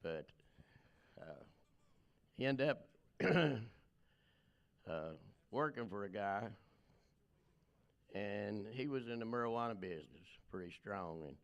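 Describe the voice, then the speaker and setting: An older man giving a plainspoken, emotional personal testimony at a recovery meeting, rambling with many pauses and fillers. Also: fairly low pitch, lively intonation, lo-fi sound.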